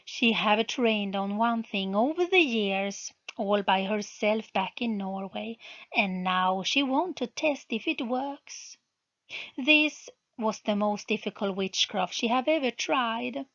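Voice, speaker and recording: A woman narrating a book aloud, reading slowly and carefully. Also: mid-range voice, expressive, a bit bright, muffled recording. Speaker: reader, channel host. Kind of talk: storybook narration.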